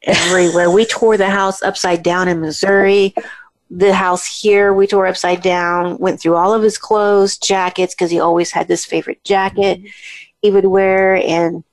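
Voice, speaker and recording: A woman of middle pitch reminisces about family life in a relaxed, chatty way, often restarting her sentences. The recording is dry and close. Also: no room sound, low-quality recording. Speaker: daughter of the family. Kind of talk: casual reminiscing.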